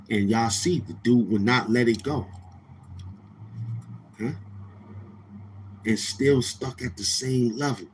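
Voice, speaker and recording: A man's voice: mid-range voice, darkish tone, slight background noise. A man hosting a livestream, ranting loosely with restarts and mocking quoted voices. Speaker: livestream host. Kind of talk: casual livestream rant.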